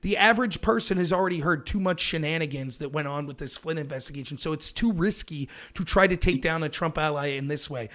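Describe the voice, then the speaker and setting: A man's voice: fast, few pauses, fairly bright tone. An American man hosting a political call-in show, arguing emphatically and mocking opponents. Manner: emphatic, argumentative, mocks opponents in high voices. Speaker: show host.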